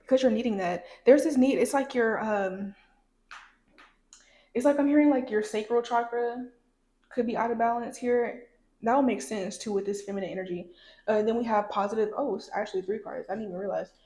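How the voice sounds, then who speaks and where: A woman's voice: a little high, steady tone, a little fast, mellow. Chatty woman doing a tarot reading. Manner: chatty, talks to viewers directly. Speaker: tarot reader. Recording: echoey room.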